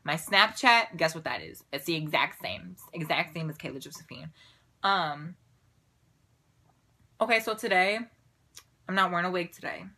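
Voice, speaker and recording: Sassy bright-voiced young woman vlogger. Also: on the low side, expressive, normal speed, pauses often. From Puerto Rico. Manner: sassy, exasperated, mocking. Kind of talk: casual ranting vlog.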